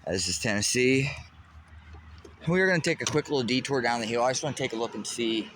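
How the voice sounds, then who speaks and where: A man's voice: medium pitch, fast talker, noisy background. A man from Western Pennsylvania with that region's accent, casually chatting to his chat while walking a golf course outdoors. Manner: chatty, reads chat aloud, swears casually. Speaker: streamer. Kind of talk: casual live-stream golf vlog.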